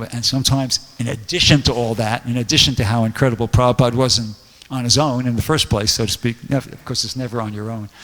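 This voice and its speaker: A man with a gravelly, creaky voice gives a loose, rambling scripture lecture, full of fillers and restarts. His talk rings out with the long reverb of a temple hall. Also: mid-range voice, a bit bright. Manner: rambling storytelling with many fillers. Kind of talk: casual scripture class.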